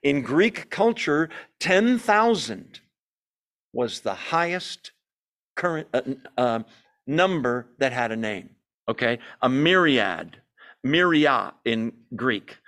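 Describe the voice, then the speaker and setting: A man leading a Bible study, reading scripture aloud and breaking in with asides, slowing down to stress key words. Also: medium pitch, sing-song, fairly bright tone. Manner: reads scripture aloud with asides, slows for emphasis.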